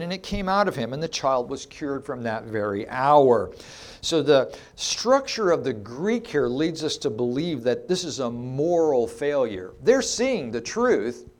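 A middle-aged man preaching an expository sermon, teaching emphatically and asking rhetorical questions of his listeners. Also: medium pitch.

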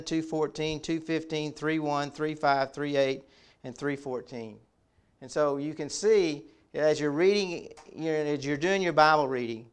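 A man's voice: on the high side, smooth. A man preaching a conversational sermon, often repeating words as he builds a point. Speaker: pastor.

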